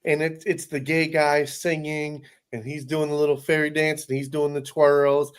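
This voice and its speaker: A man co-hosting a casual podcast, his voice sitting a little high. He swears freely and rambles, circling back with frequent restarts. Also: flat delivery, normal speed, clean tone. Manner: profane, rambling with many restarts. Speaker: podcast co-host. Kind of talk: casual chat.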